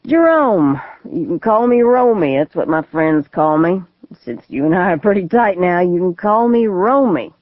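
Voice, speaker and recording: A woman's voice: lowish voice, sing-song, moderate pace, no room sound. Woman voicing a drunk, unhinged lawyer. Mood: taunting. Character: drunk suicidal middle-aged male lawyer, unhinged. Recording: tinny phone-like, dry audio.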